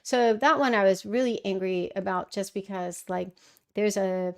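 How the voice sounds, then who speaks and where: Her mid-range voice carries vocal fry and fairly even intonation at normal speed as this middle-aged woman hosts a casual livestream. Thoughtful in answering viewer questions, she often uses fillers and restarts.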